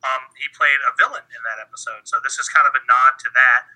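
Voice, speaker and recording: A man's voice: medium pitch, fast, pushed and bright, rough recording. A man co-hosting a casual podcast, rambling with many fillers and restarts, now and then swearing. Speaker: podcast co-host. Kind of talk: casual chat.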